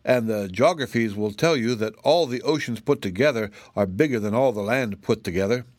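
A man voicing an earnest little girl in a storybook, speaking gravely and plainly. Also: fairly low pitch, brisk, no echo, studio quality, natural voice. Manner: grave, explaining.

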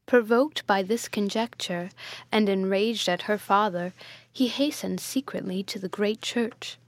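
A woman narrates an old gothic novel in a measured, dramatic way. Her voice sits at an ordinary middle pitch. The recording is dry and close. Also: no room sound. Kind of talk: audiobook reading of a gothic novel.

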